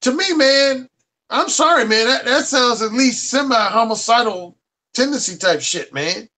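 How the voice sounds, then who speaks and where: A man speaking as a guest dating coach in casual conversation, earnest and emphatic, slowing down to stress his words. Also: very high-pitched, lively intonation, bright, forceful tone. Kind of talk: casual chat.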